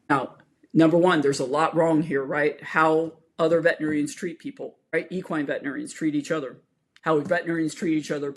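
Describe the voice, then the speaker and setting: A woman's voice: deep voice, slight background noise. A woman, an equine veterinarian, telling a story in a podcast interview in a blunt, candid, emphatic way.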